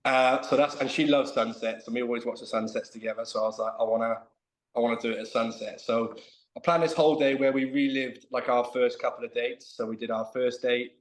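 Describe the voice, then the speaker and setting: A man's voice: medium pitch, roomy sound. A man telling a long, self-mocking story in casual chat as a guest on a video call.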